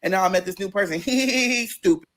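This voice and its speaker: A man telling a personal story in a casual, profane way, his pitch swinging between low, quiet stretches and high, excited bursts. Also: very fast. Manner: acts out quoted voices in a high register.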